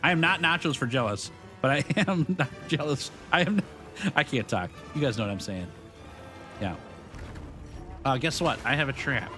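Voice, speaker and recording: A man's voice: mid-range voice, expressive, moderate pace, long pauses. A young man casually chatting with his live-stream viewers while playing, upbeat and chatty, laughing often and greeting people by name. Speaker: streamer host. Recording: game music behind voice.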